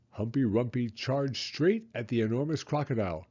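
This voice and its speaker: A man reading a children's story aloud, with a lively, swooping delivery. His voice is husky and mellow, and the recording sounds slightly dull. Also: medium pitch, moderate pace, hardly any pauses. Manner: expressive, dramatic.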